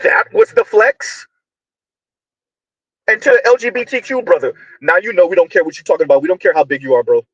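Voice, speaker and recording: A man delivering a loud, emphatic commentary monologue, often shouting, full of slang, repetition and rhetorical questions. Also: high-pitched, big pitch swings, racing, few pauses, slightly rough, no room sound, lo-fi sound. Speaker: online commentator.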